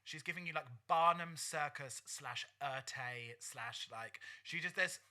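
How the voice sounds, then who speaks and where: A man co-hosting a podcast in a studio, gushing and campy in casual chat with quick asides. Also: on the high side, pushed and bright. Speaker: podcast co-host.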